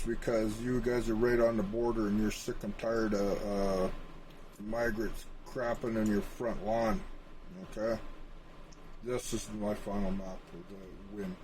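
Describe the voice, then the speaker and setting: A man's voice: on the low side, little pitch movement, unhurried, a little mellow, slight background noise, rough recording. A male streamer rambles through a boastful, profane, mock-serious comic rant while drawing a map.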